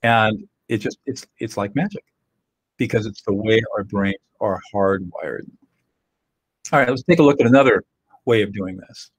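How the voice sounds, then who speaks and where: A man's voice: lowish voice, normal speed, slightly rough, dry recording, poor audio. An older man teaching emotional skills in a plain-spoken, confident, earnest way, speaking straight to his viewers. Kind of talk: direct-to-camera teaching talk.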